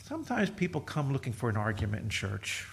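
A man's voice: medium pitch, huge pitch swings, a little fast, creaky, slight background noise. A middle-aged male pastor preaching a sermon in a conversational, joking storytelling way, acting out quoted voices.

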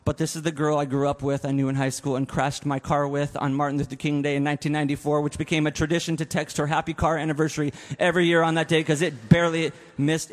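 A man in his forties delivers a eulogy in a chapel, his slightly high voice carried by a long hall reverb. He tells stories with laughs and quick asides. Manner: warm storytelling with laughs and asides. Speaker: eulogy speaker. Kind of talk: funeral eulogy.

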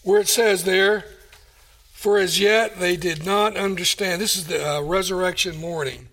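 A man delivers a sermon at an unhurried, deliberate pace. His voice sits high for a man, and he presses his points with repeated rhetorical questions. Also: fairly even intonation, a bit bright. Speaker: pastor.

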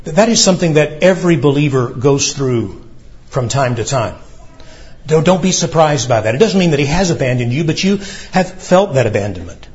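Male pastor, earnest explanatory sermon, reads scripture aloud, higher voice, dull lo-fi sound. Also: lively intonation, brisk, a little mellow.

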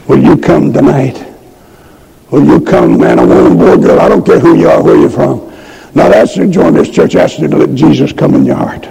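An older man preaching a revival sermon and altar call, impassioned, moving from hushed storytelling to shouted pleas, with a raspy voice. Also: fairly high pitch, very animated, normal speed, poor audio.

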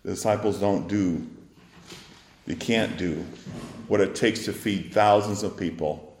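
A man preaching an expository sermon, animated and acting out the disciples' and Jesus' words in a raised voice. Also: sits low, unhurried. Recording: echoey hall with faint noise.

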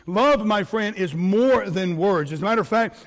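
A man's voice: high voice, normal speed. A middle-aged man preaching a sermon as pastor, earnest, with repetitions and fillers. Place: church. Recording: long hall reverb.

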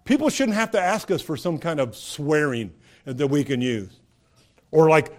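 A man's voice: on the high side, big pitch swings, measured pace. A man preaching a sermon in a conversational way, asking rhetorical questions and rising to emphatic peaks. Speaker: pastor.

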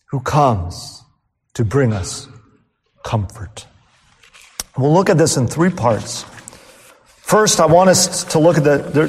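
A man preaching a sermon as pastor, pausing often and letting phrase ends fall away softly. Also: on the high side, in a large hall. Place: church.

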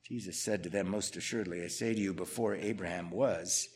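A man preaching a sermon, reading scripture aloud and then explaining it in a conversational way, moving between loud emphatic lines and quiet asides. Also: sits low, fairly quick, a little hiss or hum. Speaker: pastor.

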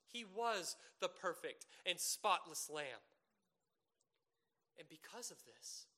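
A man preaching a sermon, earnest and emphatic, building to loud peaks and asking rhetorical questions. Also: sits high, slow.

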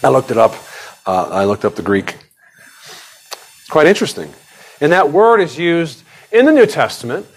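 A middle-aged pastor giving a sermon in a loose, conversational way, full of restarts and asides, jumping sharply higher in pitch when he stresses a point. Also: very animated, normal speed, long pauses, husky, low-quality recording.

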